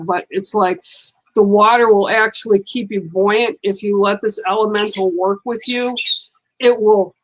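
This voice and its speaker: A woman gives a psychic card reading on a live stream. She talks slowly and gently, reassuring the viewer and checking in with "okay" again and again. Her voice sits at a middle pitch. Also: low-quality recording. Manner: slow, soothing, reassuring, repeats "okay".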